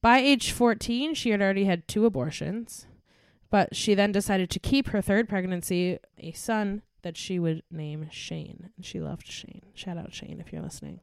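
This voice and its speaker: In a smooth, medium-pitched voice at normal speed, a young woman chats with her friend on their true crime podcast, recorded dry and in studio quality. She giggles often and then reads case notes aloud, narrating a murder.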